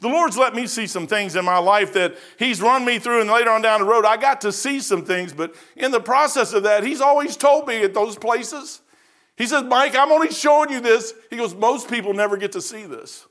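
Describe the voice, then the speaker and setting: A middle-aged man preaching a sermon, telling folksy stories that swing between loud bursts and quiet asides. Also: very high-pitched, moderate pace. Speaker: pastor.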